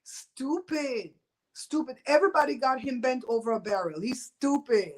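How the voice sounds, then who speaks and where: A woman's voice: high voice, lively intonation, fairly quick, poor audio. A woman in her fifties from Belize, chatting casually with viewers on her livestream, loose, teasing and opinionated. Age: 50s. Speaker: livestream host. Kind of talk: casual live-stream chat with viewers. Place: home.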